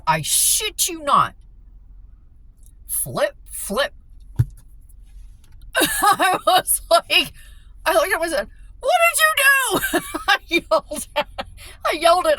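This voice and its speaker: A woman casually telling a story, animated and excitable, with frequent swearing. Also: on the low side, breathy edge, rough recording. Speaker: vlogger.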